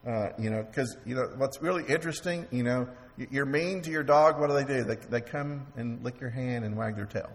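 Halting male preacher in a reverberant hall. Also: medium pitch. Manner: halting, repeats words, asks the congregation questions. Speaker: pastor. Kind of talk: sermon. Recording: long reverb of a large hall.

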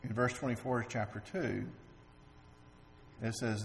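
A man preaching a sermon as pastor, halting and repeating words while he asks the congregation questions. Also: mid-range voice, steady tone, vocal fry. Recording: long reverb of a large hall.

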